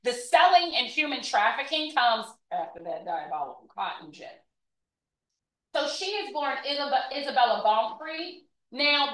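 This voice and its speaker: Woman in an echoey room, chatty. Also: on the high side. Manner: chatty, asks "right?" often. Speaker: historical presenter. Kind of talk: conversational history talk. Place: event room. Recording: echoey room, mic far off.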